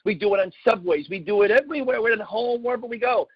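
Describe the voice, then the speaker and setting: A middle-aged man from the United States giving an emphatic, repetitive sales pitch with folksy asides. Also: quick pace, dry recording. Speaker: network marketing presenter. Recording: dull lo-fi sound.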